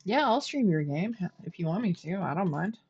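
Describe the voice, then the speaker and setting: A woman's voice: lowish voice, lively intonation, moderate pace, a little mellow, husky, muffled recording. A woman streaming a game, chatting and thinking aloud as she plays and talks to her viewers. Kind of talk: live gameplay commentary.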